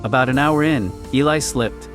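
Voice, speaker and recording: A man reading a story aloud in a quiet, clipped, understated way. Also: mid-range voice, normal speed, faint music behind. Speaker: narrator. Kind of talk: scripted story narration.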